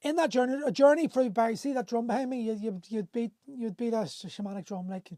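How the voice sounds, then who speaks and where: A man in his forties talks earnestly to his live viewers, circling back and restarting his sentences as he goes. His voice is mellow and soft-edged. The sound is close and dry, with no room echo. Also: extremely high pitch, brisk. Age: 40s. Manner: earnest and rambling, with many restarts, answering viewer comments. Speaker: host of a men's coaching livestream. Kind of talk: impassioned motivational talk to live viewers. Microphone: phone or webcam on a livestream.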